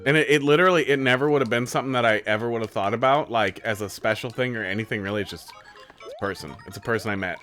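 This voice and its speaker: A man's voice: medium pitch, rapid-fire, fairly bright tone, soft background music. A man streaming live, playing viewer-made game levels and giving rambling, candid critique in a casual way.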